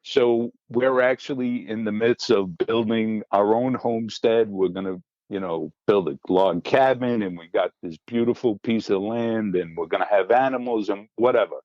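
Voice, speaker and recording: A man with a New York accent, a guest telling lively stories in casual chat and swearing freely. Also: on the low side, normal speed, few pauses, no echo, dull audio. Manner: animated storyteller, swears freely.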